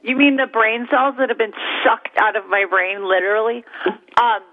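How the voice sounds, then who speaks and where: A woman in her thirties, a comedian being interviewed, chatting in a sassy, self-mocking way with quick asides. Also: fairly high pitch. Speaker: comedian guest. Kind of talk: joking interview chat. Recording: tinny phone-like line.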